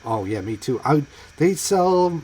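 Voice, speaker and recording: A man's voice: a little high, lively intonation, unhurried, a little mellow, slightly rough, rough recording. A man co-hosting a podcast, chatting casually and often restarting his sentences. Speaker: podcast co-host. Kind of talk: casual chat.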